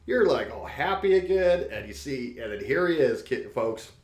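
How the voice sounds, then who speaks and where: A man's voice: mid-range voice, sing-song, normal speed, echoey room. A man co-hosting a podcast, chatting casually and enthusiastically about a movie, rambling and laughing often. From spent late teens on the East Coast. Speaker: podcast co-host.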